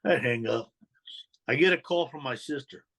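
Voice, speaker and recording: A man's voice: mid-range voice, moderate pace. A man from Denver, a former mob associate and motivational speaker, telling his life story as a guest in an interview and acting out the people he quotes. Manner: animated storyteller who acts out the people he quotes.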